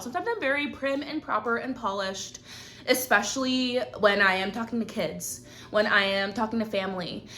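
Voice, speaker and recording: A woman's voice: on the high side, brisk, bright, forceful tone, slight background noise. A woman hosting her own show, giving frank, profane advice in casual chat to camera from a hot indoor room. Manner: blunt and profane, frank girlfriend-to-girlfriend talk. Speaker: host.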